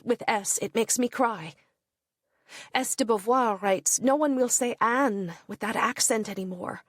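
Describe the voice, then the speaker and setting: A woman narrating a first-person diary in a measured, introspective audiobook reading. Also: no room sound, clean studio sound. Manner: measured, introspective reading with soft low asides.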